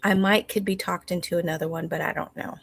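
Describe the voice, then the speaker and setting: A woman hosting a livestream from home, talking casually and replying to viewers in an unhurried way. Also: fairly low pitch, steady tone, vocal fry, husky. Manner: unhurried, reads viewer comments aloud and replies. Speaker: livestream host.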